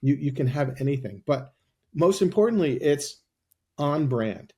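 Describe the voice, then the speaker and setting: A man as a guest on a podcast interview, explaining his company's service in a persuasive sales-pitch way. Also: lively intonation, a little slow, dark tone.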